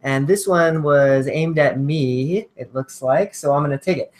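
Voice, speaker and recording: A man's voice: fairly high pitch, unhurried, darkish tone. Easygoing man leading a gaming podcast. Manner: easygoing, leads the topics. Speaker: podcast host. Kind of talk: casual gaming podcast chat.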